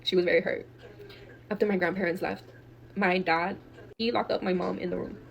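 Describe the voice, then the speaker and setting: A woman's voice: on the low side, a little fast, creaky, muffled recording. A young woman from Texas telling a wild family story in casual, profane speech, acting out quotes. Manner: profane, animated, acts out quotes. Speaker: guest storyteller.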